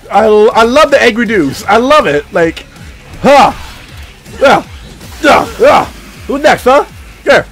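This young man's voice sits unusually high and swings wildly as he reacts to the action, with a gravelly fry at the edges. He talks excitably and swears freely while narrating his play, with game music faintly underneath. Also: measured pace, long pauses. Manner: excitable, profane, makes sound effects while playing. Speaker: gaming commentator. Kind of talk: let's play commentary.

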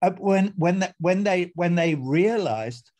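A man's voice: sits high, animated, a little slow, darkish tone. A man giving an impassioned, emphatic speech as an activist guest on a video call, repeating phrases for force.

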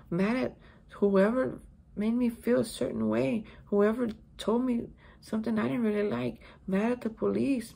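A woman talks through a daily recovery reflection in a hotel room, her voice gravelly and a little husky. She speaks emphatically and leans on repeated words to drive her points home. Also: medium pitch, a little mellow. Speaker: recovery vlogger. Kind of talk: casual spoken daily reflection.

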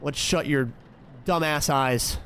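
A man's voice: fairly high pitch, takes it slowly, slight background noise. A young man streaming a horror game, chatting to himself, trash-talking the characters and swearing freely. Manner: profane, trash-talking, jumps to frantic yelling when scared. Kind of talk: horror game let's-play commentary.

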